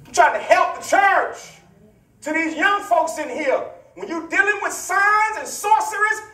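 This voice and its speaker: A man's voice: extremely high pitch, bright, forceful tone. A male pastor preaching a teaching sermon, playful and hollering, trading call-and-response with his congregation. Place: church sanctuary. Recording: echoey church, voice from far off mic.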